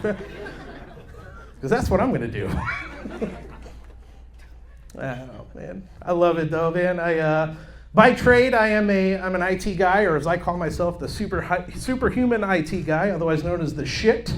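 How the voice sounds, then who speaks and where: A man in his thirties on a club stage with a handheld mic, telling crude jokes in a brash, animated way. His voice sits high and swings widely in pitch, jumping up whenever he acts out someone. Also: unhurried, long pauses, slight background noise. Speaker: stand-up comedian. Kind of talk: stand-up comedy set. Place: comedy club stage with live audience.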